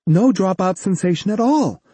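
A man reading as a brash young cyborg woman from a storybook, her voice lifted higher and lively in pitch. She talks bluntly and teases, husky at the edges. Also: normal speed, dry recording. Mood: calm. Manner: brash, teasing.

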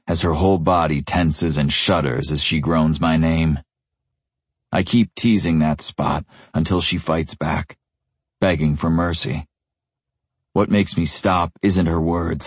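A man with a very low voice narrates a first-person audiobook with a brooding, gruff edge. The sound is dry and close, with no room around it. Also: no echo.

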